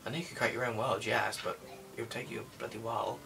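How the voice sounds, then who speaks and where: A man's voice: mid-range voice, fairly even intonation, quick pace, vocal fry, noisy background. A young man commenting on a game he is playing, muttering and grumbling in an unenthusiastic way. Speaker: gaming video creator. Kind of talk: casual gameplay commentary. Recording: distant mic with music behind.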